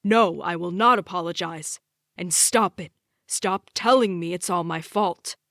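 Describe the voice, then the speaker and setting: A woman voicing a bitter middle-aged father in an audiobook, harsh and accusing as he yells. The read is low-set and dry, with no room sound. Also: normal speed, no echo, lightly acted. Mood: defensive. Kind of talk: audiobook character voice.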